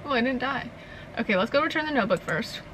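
A woman's voice: a little high, expressive, fast talker, heavy background noise. A young woman in casual gameplay commentary, chatty and sarcastic, swearing and laughing freely. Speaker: gaming channel host.

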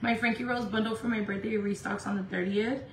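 A young woman with a fairly high voice chats to her viewers on a makeup livestream, rambling and swearing freely. Her voice rings around an echoey room at home, with a faint hum of noise behind it. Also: steady tone, fast talker, recorded from a distance. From Indio, California. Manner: chatty, swears freely, lots of "like". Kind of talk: casual live-stream chat.

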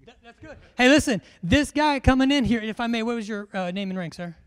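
A man leads a military class through a briefing. His voice sits unusually high for a man. He jokes, teases and fires questions at the crowd with lively energy. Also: fairly quick, clean tone. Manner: joking, animated, quizzes the crowd. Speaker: military education instructor. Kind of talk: humorous briefing to a large class.

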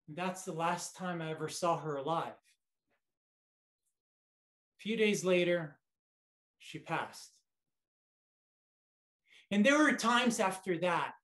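A man giving a memorized contest speech as a reflective story, in short phrases with dramatic pauses. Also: high-pitched. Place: online conference.

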